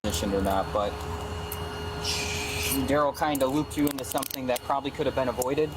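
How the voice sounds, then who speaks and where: A man, a police officer, out of breath, calmly explaining things outdoors by a patrol car. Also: mid-range voice, moderate pace. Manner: calm, explaining. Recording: police bodycam audio with loud street noise.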